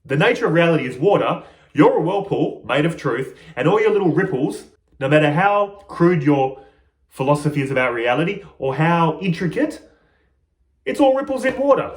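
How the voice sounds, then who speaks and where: A man's voice: fairly high pitch, animated, normal speed, roomy sound. A man speaking as a spiritual teacher in a reflective monologue, playful and often laughing at himself.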